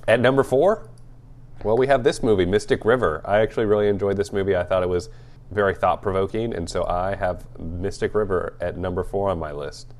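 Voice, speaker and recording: A young man with a very low, deep voice co-hosts a relaxed movie podcast. He talks in an easygoing, joking way and laughs a lot. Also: brisk. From Atlanta area. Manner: laid-back, joking, laughs often. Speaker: podcast co-host. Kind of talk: casual movie podcast chat.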